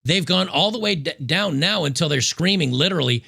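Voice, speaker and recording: A man hosting political commentary, reacting to news clips in an emphatic, sarcastic way and repeating key points slowly. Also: a little high, animated, creaky, bright, forceful tone.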